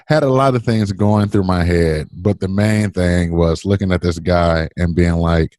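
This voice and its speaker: A man, telling his story as a podcast guest in a lively, laughing way. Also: deep voice, unhurried, hardly any pauses, no room sound, studio quality. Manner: animated, laughing, acts out quoted voices. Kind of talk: casual storytelling.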